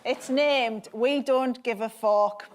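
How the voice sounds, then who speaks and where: A woman hosting a comedy panel show, reading out comic questions with a laughing, bright delivery. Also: fairly high pitch, slow, heavy background noise. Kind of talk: scripted comic presenting.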